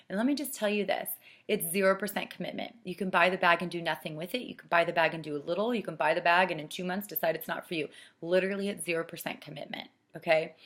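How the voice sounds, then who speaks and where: Bright, gravelly-voiced woman sales coach. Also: fairly low pitch, a little fast. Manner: earnest, persuasive, drops to a soft hush for emphasis. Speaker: sales director training consultants. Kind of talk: coaching talk with acted sales pitch.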